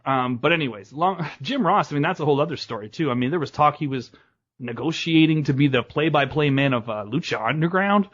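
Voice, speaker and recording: A man's voice: on the high side, fairly bright tone, dull audio. A man hosting a wrestling podcast in casual chat, rambling and swearing, laughing often. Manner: profane, rambling, quick to laugh. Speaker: podcast host.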